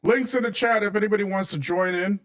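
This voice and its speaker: A man's voice: sits high, fast, a bit bright, no room sound, clean studio sound, distant mic. A man hosting a casual livestream, talking emphatically and a bit preachily, and calling his viewers "family" and "y'all". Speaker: livestream host.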